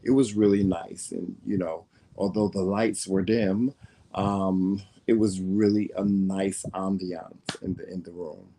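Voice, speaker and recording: A man with a faded Southern accent talks in a loose, rambling way, full of fillers and restarts. His voice sits low and sounds warm and relaxed. A faint hiss runs under it. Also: unhurried, rough recording. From American South. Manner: chatty, many fillers and restarts. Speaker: co-host. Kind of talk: casual chat.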